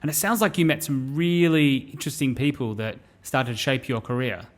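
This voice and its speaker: A man's voice: medium pitch, fairly quick. A man hosting an interview, recapping what the guest said and prompting him to go on. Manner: summarizing, encouraging prompts. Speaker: podcast host.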